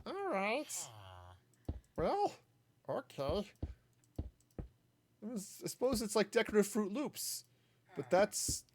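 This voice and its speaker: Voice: mid-range voice, very animated, slow, pauses often, darkish tone, slight background noise. A gaming streamer in their forties chatting casually while playing, rambling into asides and silly puns.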